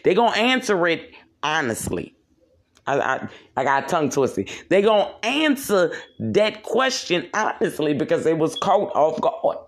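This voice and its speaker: A man rants alone on his podcast, in a voice a touch higher than most men's. He preaches at his listeners and curses constantly. He circles back to repeat each point. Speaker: podcast host. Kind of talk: solo rant monologue.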